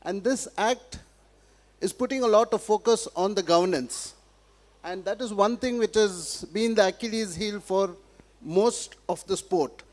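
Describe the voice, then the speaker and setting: A man speaking as a panelist and football administrator, giving a measured, soft-spoken answer. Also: high voice.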